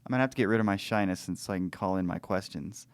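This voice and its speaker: A man's voice: low voice, very fast, dry recording, studio quality. A man co-hosting a podcast in casual, friendly, reassuring chat. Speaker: podcast co-host.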